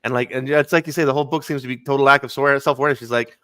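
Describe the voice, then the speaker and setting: Brief: man, smooth clean voice, dry close sound, wry joker in casual banter. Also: medium pitch, fairly even intonation, racing, a bit bright, dry recording. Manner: wry, joking, many "like"s. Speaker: podcast co-host. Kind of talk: casual chat.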